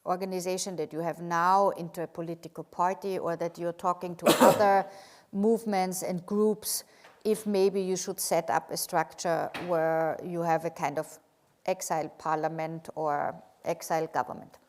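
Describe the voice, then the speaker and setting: A woman interviewing a guest, asking measured, probing questions. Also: on the low side, flat delivery.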